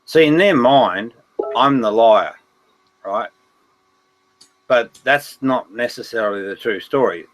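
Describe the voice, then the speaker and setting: A man's voice: medium pitch, animated, slow, pauses often, low-quality recording. A man hosting a casual livestream chat, laughing often, swearing freely and speaking emphatically. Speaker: livestream host.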